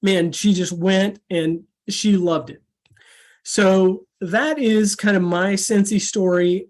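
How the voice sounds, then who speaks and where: Man, guest speaker, call audio; animated storyteller who acts out quoted voices. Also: high-pitched. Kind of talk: storytelling talk on a video call. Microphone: video call.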